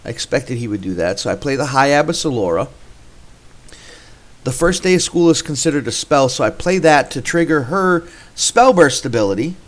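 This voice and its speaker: A man's voice: medium pitch, expressive, normal speed. A man hosting a gameplay video, casually commentating his card game and thinking aloud with frequent restarts.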